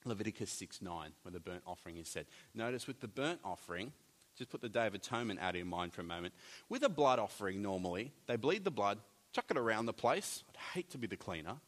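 A man preaching a sermon, animated, with jokey asides and big swings between loud and soft. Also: fairly low pitch, quick pace. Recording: long hall reverb.

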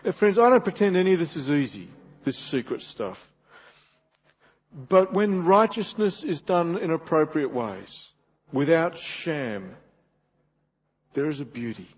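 A man delivers a sermon in a fairly high, husky voice. He shifts from wry self-mockery to earnest, building exhortation. The recording sounds dull and lo-fi. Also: very animated, unhurried, pauses often. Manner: self-deprecating humor, then earnest and rising. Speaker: preacher.

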